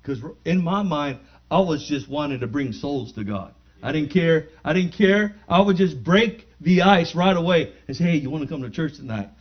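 A man giving a spoken testimony in church, animated and acting out the dialogue as he tells it. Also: fairly high pitch, moderate pace. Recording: dull lo-fi recording.

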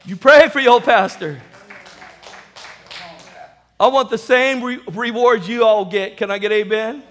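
A male pastor preaching a sermon, animated, calling for amen and swinging between loud and hushed. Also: very high voice, unhurried, a little hiss or hum.

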